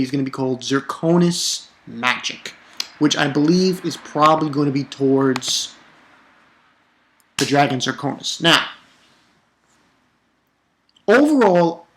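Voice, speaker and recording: A man giving a casual spoken review of a manga chapter, ranting with exasperation and stumbling over repeated words. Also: a little hiss or hum. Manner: animated, exasperated ranting with sudden pitch jumps; halting, with frequent repeated words.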